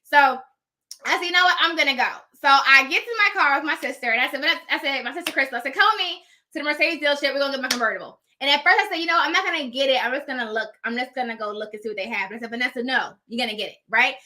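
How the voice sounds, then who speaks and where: A woman telling a personal story in casual style, animated, laughing often and acting out the dialogue. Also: sits high, racing. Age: adult with children.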